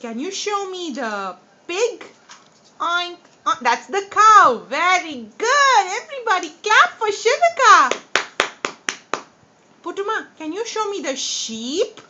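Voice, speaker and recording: A parent teaches small children at home, patient and sing-song, repeating her questions and making animal sounds, all filmed on a phone camera. Her very high voice swings widely in pitch, sounds pushed and bright, and moves slowly, while the muffled recording carries a little hiss or hum.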